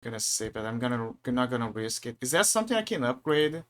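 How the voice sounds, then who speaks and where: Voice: mid-range voice, big pitch swings, quick pace. A streamer chatting casually to viewers while gaming, often stammering and repeating words as they vent.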